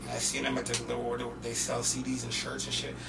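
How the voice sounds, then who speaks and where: A man from Portland, Oregon, telling a story as a podcast guest in an animated, profane way. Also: medium pitch, fast, creaky, far from the mic, noisy background. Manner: animated and profane, acting out quotes. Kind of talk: casual storytelling.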